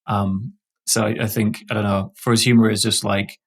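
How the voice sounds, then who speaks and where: Halting, low-voiced Yorkshire man. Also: little pitch movement. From Yorkshire, England. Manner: thoughtful, halting with many restarts. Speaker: game developer guest. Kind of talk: casual podcast chat.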